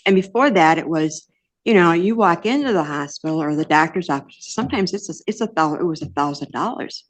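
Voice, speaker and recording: Older woman defendant, low voice, earnest, hesitant, rambling. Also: lively intonation, fairly quick. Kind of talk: courtroom testimony.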